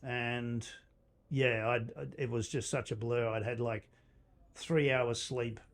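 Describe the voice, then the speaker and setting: A man's voice: medium pitch, slow pace. A middle-aged man, a company founder, telling a long personal story on a podcast, laughing and acting out the lines of the people in it. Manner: animated storyteller, laughs often, acts out quotes.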